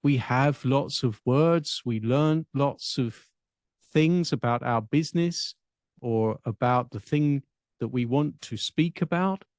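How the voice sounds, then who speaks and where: English-accented male coach, unhurried reflective teaching tone with long pauses, dry intimate recording. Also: mid-range voice, a little mellow, dry recording. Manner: measured, deliberate, with long pauses. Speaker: speech and public speaking coach.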